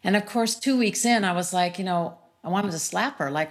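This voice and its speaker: In a mid-range voice at normal speed, a middle-aged woman discusses grief on a personal level as a guest. A sound healer and host of her own interview series, she's earnest and reflective, leaning often on "you know."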